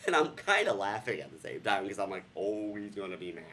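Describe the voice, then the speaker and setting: A man from Vermont tells a comic story on his vlog with a playful, sarcastic edge. His voice moves a lot, rising and dropping in pitch as he jumps into squealing high voices, and a faint hiss sits underneath. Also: sing-song, brisk, few pauses, a bit bright. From Vermont, USA. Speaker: vlogger.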